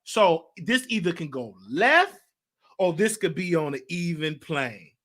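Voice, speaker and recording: Chatty guy hosting a call-in show, lively up-and-down voice, bright tone, kinda high. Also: a little slow. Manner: chatty, animated storytelling with slang asides. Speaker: host. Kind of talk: casual livestream talk.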